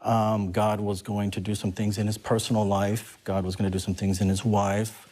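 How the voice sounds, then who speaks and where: A man with a fairly low voice tells a personal story as a talk show guest. He talks in an animated way, breaking into laughter as the story builds. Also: moderate pace.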